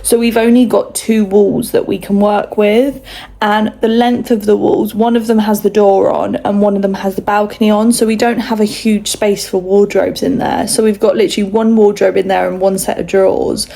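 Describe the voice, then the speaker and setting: A woman's voice: medium pitch, flat delivery, moderate pace, creaky, dark tone. A young woman, chatting casually at home in a rambling, self-mocking vlog. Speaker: vlogger mum.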